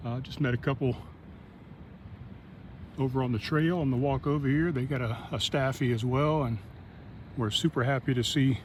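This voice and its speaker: A man's voice: medium pitch, normal speed, pauses often, low-quality recording. Middle-aged man rambling on an outdoor walk. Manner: relaxed, rambling, friendly. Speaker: vlogger. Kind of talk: casual chat. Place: outdoors on a walking trail at sunset. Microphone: earbud. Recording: outdoor traffic noise. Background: traffic noise.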